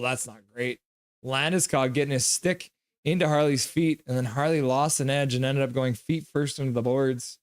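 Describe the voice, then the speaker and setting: A man's voice: medium pitch, clean tone, no room sound. A man hosting a live hockey reaction stream, reading viewers' chat messages aloud, joking and slipping into play-by-play calls. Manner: chatty, jokes and breaks into play-by-play.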